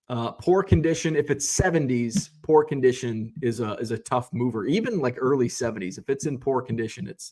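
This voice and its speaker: A middle-aged man from the United States hosting a casual live-stream show, reading viewer comments and rambling through tangents with frequent self-corrections. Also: on the high side.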